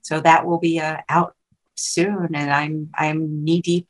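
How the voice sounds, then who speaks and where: A woman co-hosting a podcast, upbeat and quick to laugh, chatting casually. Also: low voice, flat delivery, low-quality recording. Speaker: podcast co-host and author. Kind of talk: casual chat.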